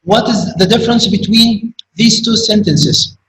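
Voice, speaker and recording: A man teaching a grammar lesson, speaking slowly and repeating key words for emphasis. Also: high voice, background noise. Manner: slow, repetitive, stresses key words. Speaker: high school English teacher. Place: classroom. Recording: echoey room, voice from a distance.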